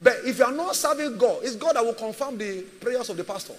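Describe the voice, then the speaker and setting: A man's voice: very high voice, lively intonation, fairly quick, in a large hall. A man preaching a sermon as a pastor, emphatic and repetitive, firing rhetorical questions at his church.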